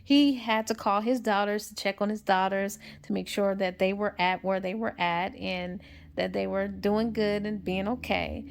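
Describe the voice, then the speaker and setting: A woman's voice: mid-range voice, fairly even intonation, moderate pace, vocal fry, a little hiss or hum. A woman casually retelling a novel's plot for a book review, in a rambling, chatty way.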